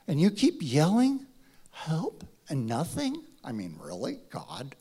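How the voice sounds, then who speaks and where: A man preaching a sermon, acting out dialogue in a dramatic voice that drops to a hush and rises to a shout. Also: on the high side, huge pitch swings, slow pace, husky. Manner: dramatic, acts out voices, swings from hushed to shouting. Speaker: pastor.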